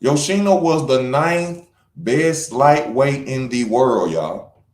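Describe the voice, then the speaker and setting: A man's voice: medium pitch, expressive, takes it slowly, darkish tone, roomy sound. A man, giving casual, slangy boxing news commentary to viewers that turns heated and emphatic.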